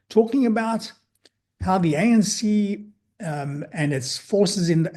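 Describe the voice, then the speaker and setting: A man presenting a lecture as a psychologist, speaking in a measured way with frequent fillers and restarts. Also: sits high, warm tone, breathy edge. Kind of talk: lecture talk.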